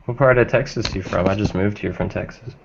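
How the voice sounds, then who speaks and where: A man chatting briskly in a casual group call. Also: on the low side, creaky. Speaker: call participant. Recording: lo-fi call audio with loud background noise.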